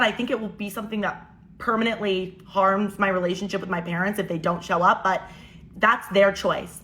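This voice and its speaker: A young woman telling a storytime vlog story in an animated, exasperated and incredulous way. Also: mid-range voice.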